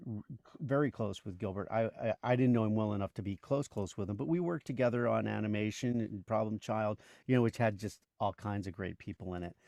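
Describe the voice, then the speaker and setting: A man in his sixties with a low, gravelly voice tells showbiz stories in a loose, rambling way, full of "you know"s and restarts. The recording is dry and close. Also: brisk, darkish tone, no echo. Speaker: guest, voice actor and comedian. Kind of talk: casual interview chat.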